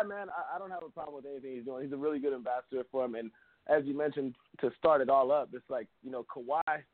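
A man's voice: mid-range voice, no echo. A man on a sports talk panel, rambling with many fillers and restarts in casual chat. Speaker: podcast panelist. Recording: tinny phone-like sound.

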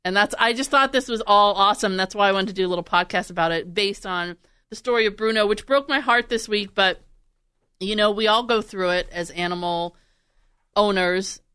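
A woman hosting a podcast in casual chat, chatty and laughing, quick to act out animals. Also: mid-range voice, pushed and bright, clean tone, no room sound, clean studio sound. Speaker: podcast host and radio producer.

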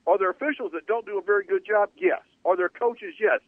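A man's voice: sits high, fairly quick, dry recording. Opinionated sports radio host, man. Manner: emphatic, opinionated, rambling with restarts. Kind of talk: sports talk radio commentary. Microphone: studio radio mic. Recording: dry phone-like radio audio.

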